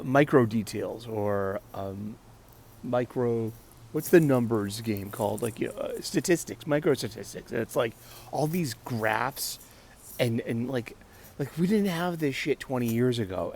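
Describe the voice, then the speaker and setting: A man of middle pitch talks on his own as host of a casual show. He rambles, stopping and restarting his thoughts and laughing often, with a faint noise under the recording. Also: darkish tone. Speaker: podcast host. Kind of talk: casual solo chat.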